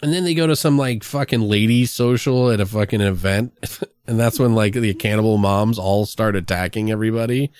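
A man's voice: on the low side, a little fast, smooth, dry recording. A man casually recapping a horror movie on a podcast, swearing often, quoting lines from it and cracking himself up. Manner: profane, animated storytelling with quoted character lines and big laughs.

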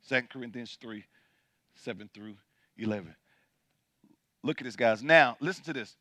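A man's voice: lively intonation, normal speed, dry recording, studio quality. A man preaching a sermon as pastor, reading scripture aloud and calling out questions to the congregation. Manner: builds from low and quiet to loud and high.

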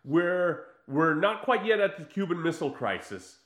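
A man co-hosting a casual chat about films, animated and laughing, acting out scenes as he talks. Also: fairly high pitch, moderate pace. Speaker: podcast co-host. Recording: echoey room.

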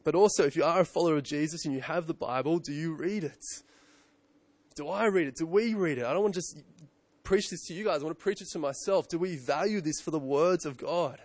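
A man's voice: fairly high pitch, fairly quick, darkish tone, dry recording. A man in his thirties, a pastor preaching a conversational sermon full of rhetorical questions and self-corrections.

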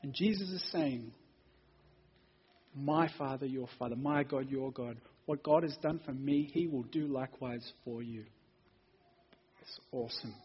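A man preaching a sermon, reading scripture and expounding it, building to emphatic peaks and then dropping soft. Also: mid-range voice, breathy edge. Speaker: pastor. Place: church sanctuary. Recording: dull lo-fi sound in a reverberant hall.

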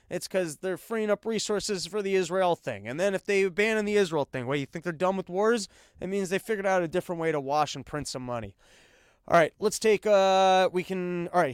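A man's voice: a little high, clean tone, no echo, studio quality. A man hosting a political podcast, reading news items and riffing on them in an irreverent, sarcastic, rambling way. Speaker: podcast host. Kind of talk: casual political commentary.

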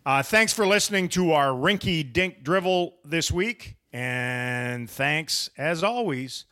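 A man's voice: fairly high pitch, lively intonation, slow, bright, forceful tone. A man hosting a casual sports podcast, talking in a wry, teasing, rambling way. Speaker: podcast host.

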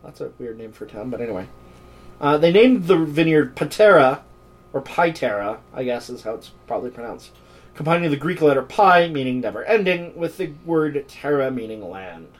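A man's voice: mid-range voice, lively intonation, normal speed, low-quality recording. A man co-hosting a podcast, reading history notes aloud with irreverent, jokey asides. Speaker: podcast co-host. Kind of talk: casual chat and reading history.

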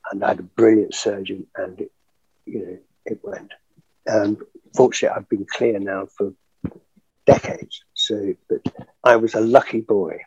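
Older guy telling stories, husky voice, laughs a lot, dry slightly muffled audio. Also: lowish voice, moderate pace, no room sound. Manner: chatty, animated storyteller, laughs often, many fillers. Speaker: actor guest. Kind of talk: reminiscing interview.

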